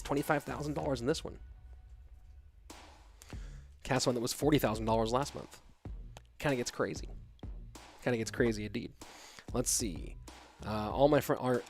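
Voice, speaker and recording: An American man calls a mobile esports match on his own, keeping his voice low and quiet. He thinks aloud and asks himself questions in a loose, casual way. Faint music plays under his voice. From USA. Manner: quiet, subdued delivery to keep from waking a child. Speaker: esports caster. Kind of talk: solo esports commentary with chat reading.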